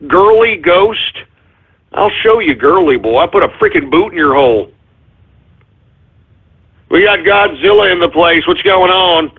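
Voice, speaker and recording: A man's voice: high voice, expressive, unhurried, pauses often, breathy edge. Brash profane man on a tinny line. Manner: brash, profane and mocking, with sudden shouts. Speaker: radio show host. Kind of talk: live internet radio rant. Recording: tinny phone-like lo-fi sound.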